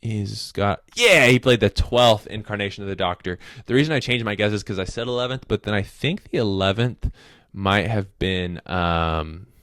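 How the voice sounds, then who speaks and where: A man's voice: on the low side, normal speed, fairly bright tone, no echo, studio quality. A man hosting a casual commentary video, rambling, correcting himself mid-sentence and tossing in joking asides. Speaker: video host.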